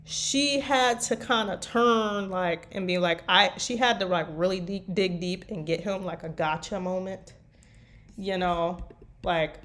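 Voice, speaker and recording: This tired woman's voice sits on the low side, a bit bright and a little slow. She casually chats about writing her fanfiction, wandering off track with plenty of fillers.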